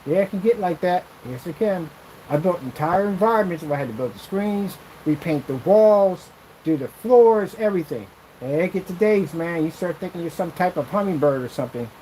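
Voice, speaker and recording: A man rambling through a casual vlog while testing projection screen paint, animated, jokey and full of tangents. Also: high voice, fairly quick, slight background noise, low-quality recording.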